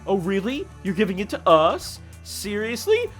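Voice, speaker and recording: A man's voice: sits high, wildly swooping pitch, moderate pace, soft background music, voice pushed up, heavily acted. A man voicing a pompous, grandiose cosmic king who speaks in the royal we, reading game dialogue aloud. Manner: haughty, demanding, speaks in the royal we.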